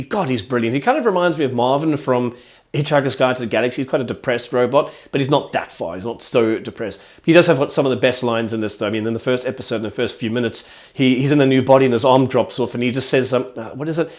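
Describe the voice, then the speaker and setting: A man giving an enthusiastic, rambling casual review of a TV show. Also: medium pitch.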